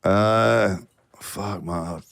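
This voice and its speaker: A man's voice: fairly low pitch, very slow, vocal fry, a bit bright, no room sound, studio quality. A man with a Glaswegian Scottish accent, a guest telling stories in casual podcast chat, swearing freely and laughing. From Scotland. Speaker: actor guest.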